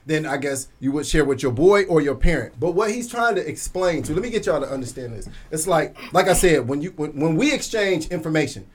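A man in a casual group discussion, a father, talking in an animated way and acting out quoted voices. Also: a little high, fairly quick, hardly any pauses.

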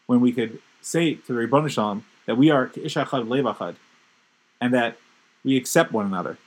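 A man teaches a Torah class with a husky, slightly breathy voice. He tells stories in an emphatic way that builds in intensity. His pitch sits in an ordinary middle range. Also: poor audio. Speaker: religious teacher.

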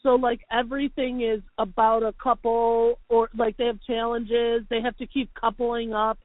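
A woman chatting casually and animatedly, full of "like" and quick asides. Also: fairly high pitch, no echo. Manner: chatty, animated, lots of filler "like". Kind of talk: casual chat. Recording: tinny phone-like dry sound.

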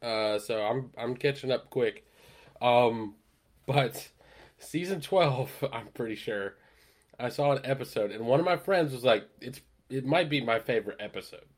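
A man with a voice of ordinary pitch chats casually on a podcast. He rambles through a retelling with plenty of ums and likes, and his voice rises and gets louder when he acts out what characters say. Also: moderate pace. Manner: rambling, lots of fillers, acts out quoted lines louder. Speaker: podcast co-host. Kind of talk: casual chat, retelling a TV episode.

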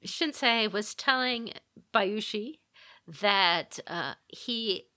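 A woman co-hosting a podcast, retelling a legend in an unhurried, casual way with small restarts. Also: mid-range voice, sharp tone, no room sound, clean studio sound. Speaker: podcast co-host. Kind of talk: casual chat, storytelling.

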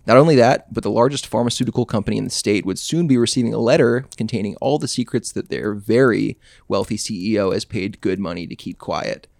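Male podcast host, low and gravelly, sardonic storyteller, dry close sound. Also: a little fast, few pauses, a little mellow, no echo. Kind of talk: reading his own short story aloud.

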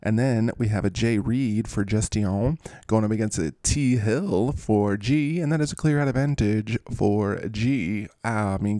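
A man's voice: on the low side, warm tone, no room sound, studio quality. A man hosting a podcast, giving casual fantasy sports commentary with goofy, rambling asides. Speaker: podcast host.

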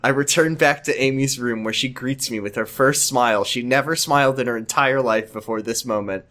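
A man's voice: mid-range voice, brisk, sharp tone. A man co-hosting a comedy podcast, reading fanfic aloud and often breaking into laughter. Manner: giggly, frequently breaks into laughter. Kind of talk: casual comedic chat.

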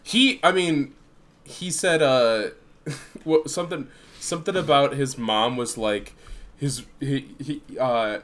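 A man's voice: mid-range voice, slow, a bit bright. A man co-hosting a podcast in casual chat, rambling, joking and swearing. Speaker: podcast co-host.

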